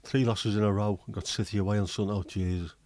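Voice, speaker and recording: Chatty man, low and mellow. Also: steady tone, fast talker, dry recording. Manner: chatty, joking, swears casually. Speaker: livestream host. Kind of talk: casual chat reading viewer comments.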